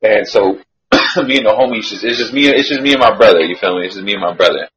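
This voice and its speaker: A man telling a story in a casual chat, slangy, animated and swearing freely. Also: fairly low pitch, fast talker, rough recording.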